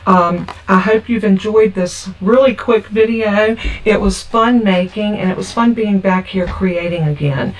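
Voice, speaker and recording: A woman's voice: mid-range voice, unhurried, few pauses. Chatty woman crafting from a distance. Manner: chatty, homey, talks through each step. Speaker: card-making crafter. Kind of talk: casual craft tutorial. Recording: from a distance with faint background noise.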